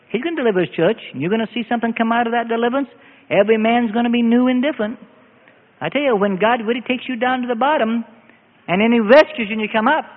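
An older man preaching a sermon as pastor, swinging from low, quiet asides up to loud, emphatic declarations. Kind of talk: evening sermon. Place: church hall. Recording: echoey hall, thin phone-like sound.

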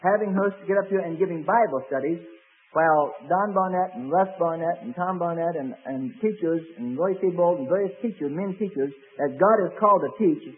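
A man's voice: high-pitched, a little fast, phone-quality sound. A man preaching a sermon as pastor, telling stories with many fillers and acted quotes.

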